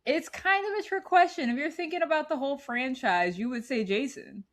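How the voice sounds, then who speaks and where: A woman's voice: sits high, a little fast. A woman in her thirties hosts a casual podcast chat. She retells scenes with animation and laughs often, keeping the tone loose and conversational. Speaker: podcast co-host. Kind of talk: casual movie recap chat.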